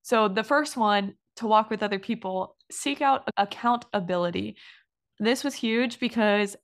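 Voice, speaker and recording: A woman's voice: mid-range voice, a little slow. Woman cohost, friendly and practical, easy laugh, plain middle voice. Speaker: podcast co-host. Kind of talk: casual faith podcast chat.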